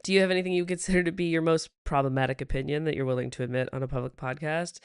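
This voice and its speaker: Young woman podcast host, low-ish smooth voice, swears freely, laughs a lot, casual chat. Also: racing, no echo, clean studio sound. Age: young adult. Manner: profane, laughs often, animated.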